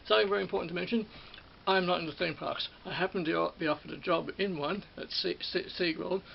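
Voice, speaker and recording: A man's voice: sits high, steady tone, fast talker, vocal fry. A middle-aged man, reminiscing in a rambling way about an old job, often repeating and correcting himself. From Australia. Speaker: former ride operator reminiscing. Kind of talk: casual spoken reminiscence. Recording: dull sound with faint hiss.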